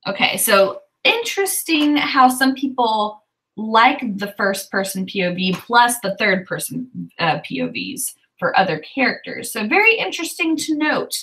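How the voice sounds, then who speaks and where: Southern lady hosting a writing stream, bright clear voice, lots of ums while she thinks out loud. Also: a little high, huge pitch swings, unhurried, low-quality recording. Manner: chatty, thinks aloud with many fillers. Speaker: writing livestream host. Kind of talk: casual livestream chat.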